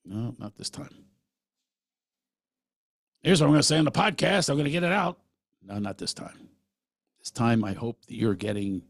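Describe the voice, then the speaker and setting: A man's voice: on the low side, vocal fry, no echo. A man hosting a solo podcast, talking earnestly and emphatically and sometimes acting out other voices. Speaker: podcast host.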